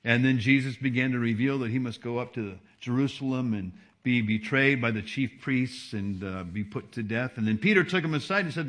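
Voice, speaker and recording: A man preaching a sermon as a pastor, with animated delivery that swings between soft asides and emphatic peaks. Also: mid-range voice, a little fast, few pauses. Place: church service.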